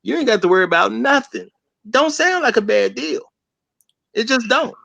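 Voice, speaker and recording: A man co-hosting a casual podcast chat, talking bluntly in animated slang. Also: extremely high pitch, moderate pace, vocal fry, no room sound, poor audio.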